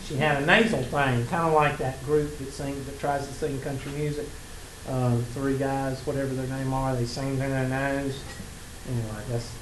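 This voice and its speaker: A math instructor with a Southern US accent gives a casual college lecture, joking and telling sarcastic stories to his students. His voice is medium-pitched and flat, at a moderate pace. The classroom is echoey, with faint room noise.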